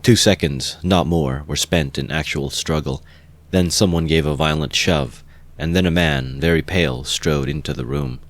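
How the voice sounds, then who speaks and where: A man calmly narrating an amateur audiobook reading of a classic novel. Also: extremely low pitch, normal speed, gravelly, dry recording.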